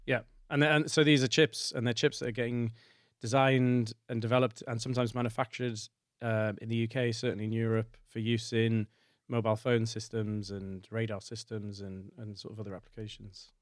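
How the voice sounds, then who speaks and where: A man's voice: medium pitch, level tone, fairly quick, dry recording, studio quality. A man in his forties hosting a podcast interview, asking long, rambling questions. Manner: rambling, uses many fillers. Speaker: podcast host.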